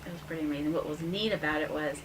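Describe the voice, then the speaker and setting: A woman guest in a casual interview, telling her story with animated quotes that soften into a hushed, earnest tone. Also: low voice, rapid-fire, slight background noise, rough recording. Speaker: interview guest, ministry founder.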